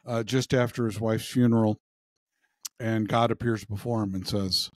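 A man's voice: fairly even intonation, normal speed, no echo. A man co-hosting a podcast, telling jokes in casual chat and lifting his voice playfully for the characters. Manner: retells jokes with playful pitch shifts for characters. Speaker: podcast co-host.

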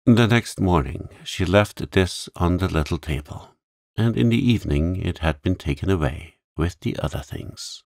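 A man narrating a calm bedtime story in a gentle, soothing way. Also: sits low, normal speed, creaky, dry recording, studio quality.

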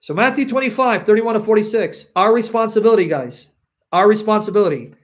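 This high-voiced preacher speaks fairly quickly with lively intonation to an online audience. As a Christian preacher, he dramatizes selfish voices defying God, repeats phrases to drive points home, and then relates a personal story.

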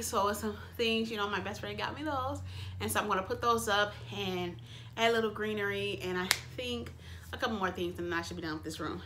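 A woman vlogging casually from her bedroom, gushing excitedly over a makeup unboxing and calling her viewers y'all. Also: medium pitch, a little hiss or hum. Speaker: beauty vlogger.

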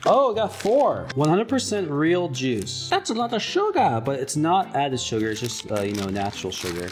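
A man's voice: medium pitch, big pitch swings, moderate pace, over music. A man casually chatting through a cooking vlog in his home kitchen, rambling in a goofy, offhand way. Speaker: cooking vlogger.

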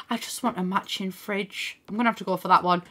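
A woman's voice: mid-range voice, steady tone, fairly quick, fairly bright tone. A young woman chatting casually on a live game stream, thinking aloud, swearing now and then and thanking viewers by name. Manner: swears casually and laughs often. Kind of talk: casual gaming stream chat.

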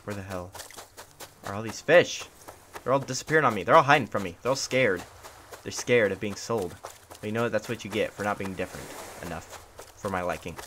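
Young male streamer, low-pitched, tired and sarcastic, noisy home recording. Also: brisk, a bit bright. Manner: sarcastic, grumbling mock indifference. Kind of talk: casual live-stream gameplay commentary. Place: hot room at home.

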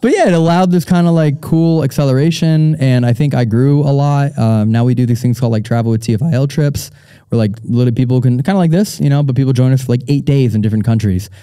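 Dark-voiced young man hosting live. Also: medium pitch, fast, smooth, no room sound. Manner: relaxed and rambling, many fillers and restarts, laughs often. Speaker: show host. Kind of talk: casual live Q&A chat. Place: stage at a live audience event.

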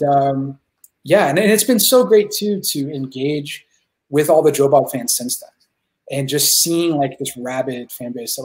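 A man talking as a guest filmmaker in a casual interview, excited and rambling, swearing freely as he tells stories. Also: mid-range voice.

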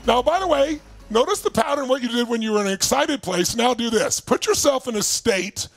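A man leading a live seminar over video call as a motivational speaker, energetic and emphatic, prodding his audience with constant "right?". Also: extremely high pitch, a little fast, gravelly, hardly any pauses, dry recording.

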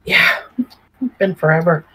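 A woman's voice: lowish voice, steady tone, unhurried, pushed and bright, husky. A woman chatting casually as a guest, chatty and wry. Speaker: guest player. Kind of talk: casual chat.

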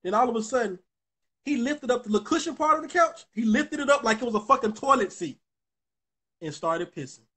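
A man's voice: very high voice, expressive, fairly quick, pushed and bright, breathy edge. A young man tells a story to his viewers in a rambling, profane way, full of restarts. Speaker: vlogger addressing his viewers. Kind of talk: casual storytelling commentary.

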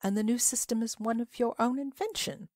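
A woman's voice: a little high, a little fast, darkish tone, no room sound, studio quality, pitched above the performer's own voice, close to an everyday voice. A woman voicing an eager, apologetic young male visitor in a dramatic reading of a classic story, speaking deferentially with polite stammers.

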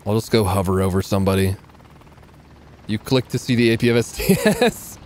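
Sarcastic low-voiced man streaming a game. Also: a little fast, a little mellow, slight background noise. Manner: joking, sarcastic, laughs often. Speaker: gaming livestreamer. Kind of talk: casual live gameplay commentary.

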